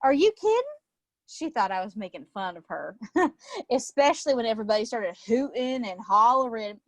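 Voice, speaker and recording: An anxious, stammering young man talks in a folksy put-on Texan drawl, read by a woman. The voice sits a little high and is recorded dry and close. It is a live play reading. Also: big pitch swings, normal speed, dry recording. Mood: nervous. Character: nervous young man with OCD, cowboy twang.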